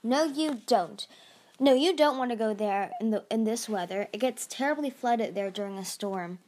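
A woman's voice: fairly high pitch, moderate pace, darkish tone, close to an everyday voice. A woman reading aloud and voicing a proud, stubborn dragon queen who speaks in a commanding, dismissive way. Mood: imperious. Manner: imperious, dismissive.

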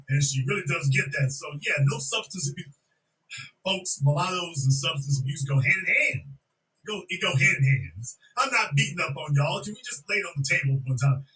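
A man's voice: a little high, animated, moderate pace, sharp tone, far from the mic, rough recording. A man hosting a podcast, giving blunt, slangy commentary on clips and repeating his points. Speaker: podcast host.

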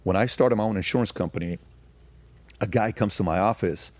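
A man with a low, slightly husky voice talks as a podcast guest in an emphatic, conversational way. He drives his points home with force and slips into the voices of people in his stories. The studio mic sounds close and dry, with no room around it. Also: a little fast, no echo. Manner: emphatic, acts out quoted dialogue in varied voices. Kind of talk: animated conversational storytelling.

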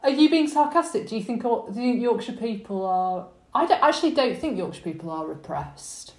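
A woman guest on a podcast, telling stories in a self-deprecating, animated way over a remote call. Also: a little high, fairly quick, roomy sound. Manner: self-deprecating, animated, quotes people in mock voices. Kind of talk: casual interview chat, storytelling.

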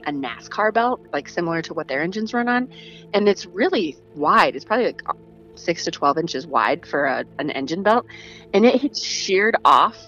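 A woman recounting a story in an easy, conversational way. She laughs often and slips into quick impressions of the people she describes. The sound is a little dull and lo-fi, with faint music playing behind her. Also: fairly low pitch, animated, fairly bright tone. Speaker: guest storyteller. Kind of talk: casual storytelling.

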